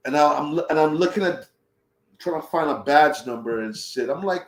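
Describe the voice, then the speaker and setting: A man's voice: fairly high pitch, a little fast. A young man telling a travel story in casual, profane talk, acting out his own reactions as he goes. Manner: profane, animated retelling with voiced reactions. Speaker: travel vlogger. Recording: roomy echo.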